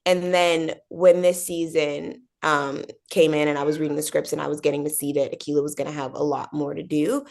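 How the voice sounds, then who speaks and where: A woman's voice: low-pitched, little pitch movement, fairly quick, vocal fry, hardly any pauses, a little mellow. A young woman answering interview questions in a bubbly, chatty way, with many fillers and acted-out quotes. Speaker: actor being interviewed.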